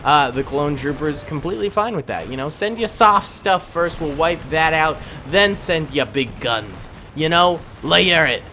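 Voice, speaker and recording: A man's voice: fairly high pitch, expressive, normal speed, few pauses, bright, forceful tone, a little hiss or hum. A young man hosting a gaming channel, giving upbeat, chatty gameplay commentary and chuckling often.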